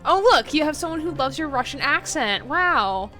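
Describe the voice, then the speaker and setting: A young adult woman streaming a video game live, chatting casually in a giggly, excitable way and swearing freely. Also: high voice, moderate pace, faint music behind.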